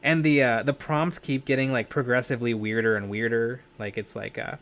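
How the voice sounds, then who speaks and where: A man's voice: mid-range voice, fairly even intonation, fairly quick, fairly bright tone. A young man hosting a live stream, chatting casually while painting miniatures, rambling and correcting himself as he talks. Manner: rambling, self-correcting, laughs often. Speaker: livestream host.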